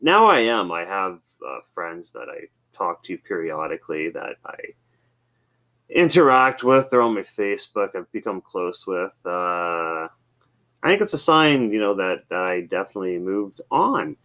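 A man's voice: deep voice, very animated, measured pace, pushed and bright. A man hosting a podcast, telling loose, rambling stories with swearing and many fillers. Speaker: podcast host. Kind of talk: casual storytelling monologue.

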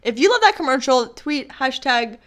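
A young woman co-hosting a casual sports chat, bubbly and excitable, often giggling. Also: high voice, moderate pace. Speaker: podcast co-host.

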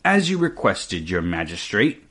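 A man voicing a wise older master painter in a read-aloud storybook, speaking quietly and in a measured way. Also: deep voice, sing-song, breathy edge, exaggerated voice.

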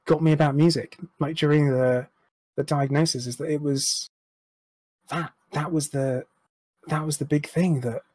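Slightly high and warm with a breathy edge, this young man's voice carries a candid personal conversation. As an interview guest he rambles frankly, restarts often, and pokes fun at himself along the way.

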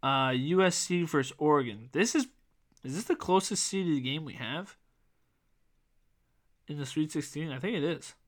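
A man in his twenties hosting a sports podcast in casual chat, rambling with lots of fillers and restarts, his voice going a bit hoarse. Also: on the high side, expressive, moderate pace, long pauses. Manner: rambling, filler-heavy, self-correcting. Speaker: podcast host.

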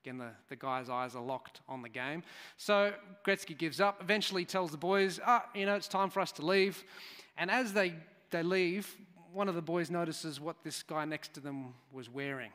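A man's voice: fairly high pitch, moderate pace, a bit bright, clear, resonant tone. A man preaching a sermon, chatty and storytelling, with asides to the congregation. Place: church hall. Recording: church hall reverb.

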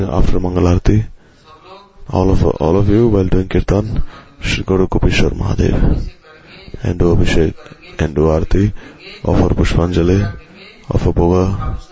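Deep gravelly male preacher. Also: mellow. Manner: measured, with Sanskrit and Hindi terms woven in. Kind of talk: devotional sermon. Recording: slightly dull lo-fi recording.

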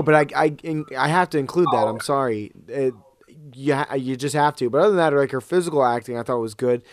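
A man's voice: medium pitch, no room sound. Laid-back man with a dry, close voice. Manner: relaxed, filler-heavy, hedging. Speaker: podcast co-host. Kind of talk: casual chat about movies.

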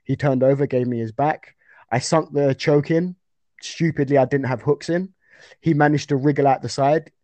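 A young man telling a fight story in a casual podcast chat, animated, with many restarts. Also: on the high side, moderate pace, dry recording. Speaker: guest fighter.

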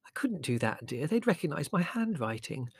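A man voicing a vague, fussy middle-aged mother who is mild, flustered and gently reproving. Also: on the high side, sing-song, moderate pace, vocal fry, husky, dry recording, voice pushed up, exaggerated voice.

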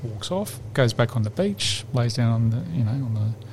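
A man's voice: mid-range voice, moderate pace, a little hiss or hum. A man, a podcast host telling a long rambling joke in casual chat. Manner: rambling, lively, laughs at his own joke.

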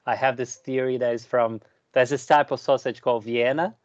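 A man from Brazil with a Brazilian Portuguese accent, a native Portuguese speaker, chatting casually as a podcast guest, relaxed and often laughing. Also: mid-range voice, a little fast, dry recording, lo-fi sound. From Curitiba, Brazil. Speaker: guest musician. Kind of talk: casual chat.

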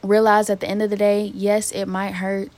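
A woman's voice: mid-range voice, monotone, moderate pace, a little mellow. Candid young woman venting on her podcast. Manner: candid, profane, talks straight to listeners. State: emotionally hurt, near tears. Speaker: podcast host. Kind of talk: casual solo podcast venting.

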